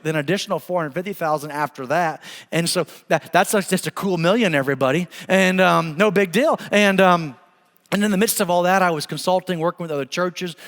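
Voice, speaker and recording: A middle-aged man preaching a sermon, telling stories with humor in an animated way. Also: sits high, in a large hall. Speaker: pastor. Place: church sanctuary.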